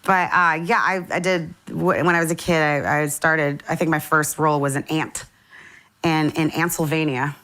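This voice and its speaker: Low-voiced singer, animated and candid. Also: female voice, normal speed. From St. Louis, USA. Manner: enthusiastic, animated storytelling with laughs. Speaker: singer, guest. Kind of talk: casual interview chat.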